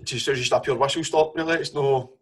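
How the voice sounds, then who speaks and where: A man hosting a casual interview, asking relaxed questions and giving short responses. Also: medium pitch, brisk, slightly rough. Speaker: podcast host.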